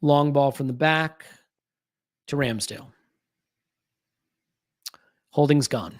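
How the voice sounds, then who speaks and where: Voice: medium pitch, takes it slowly, long pauses. A podcast host giving live watch-along commentary on a match, anxious and restless, often restarting sentences and fiddling with a desk microphone.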